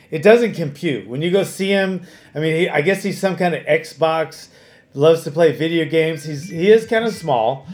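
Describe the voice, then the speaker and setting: A middle-aged man with a fairly high voice chats on a podcast. He tells stories in an animated, rambling way, full of fillers and restarts. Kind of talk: casual chat.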